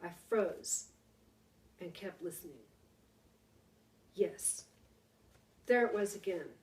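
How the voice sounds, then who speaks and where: Slow, hushed woman reading a story. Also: on the low side, animated. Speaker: teacher reading aloud to a class. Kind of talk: storybook read-aloud. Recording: roomy, distant mic.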